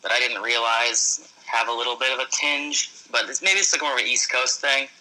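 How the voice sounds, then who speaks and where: Bright, laid-back podcast guest from Boston. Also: male voice, mid-range voice, a little fast, slight background noise, poor audio. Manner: hesitant, filler-heavy, laid-back. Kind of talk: casual podcast chat.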